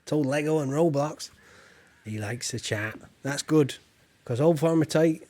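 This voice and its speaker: Rambling, jokey man, mellow. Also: a little high, moderate pace, dry recording. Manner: rambling, jokey, homely folksy persona. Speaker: game streamer. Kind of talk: casual let's-play chat.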